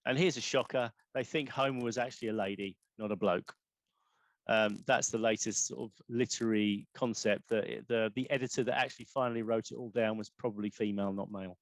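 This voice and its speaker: A man's voice: on the low side, steady tone, fairly quick, no echo. A man, poet in residence, giving a rambling, self-correcting online talk on poetry forms over a video call.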